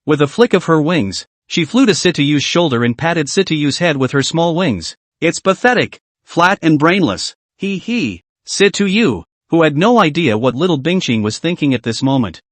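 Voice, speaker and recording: Male narrator, scripted comic recap, slightly high voice, clipped stat-reading delivery. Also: dry recording. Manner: reads out stat lists in short clipped phrases.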